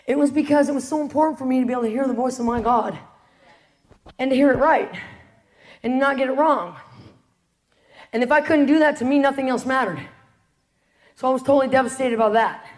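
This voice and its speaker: A woman with a high, bright speaking voice delivers a testimony to a crowd. She tells it like a storyteller, jumping into voices for each person and laughing along the way. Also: brisk, pauses often. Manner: animated storyteller, acts out quotes, laughs often. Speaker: ministry speaker sharing testimony. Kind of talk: testimony talk to an audience.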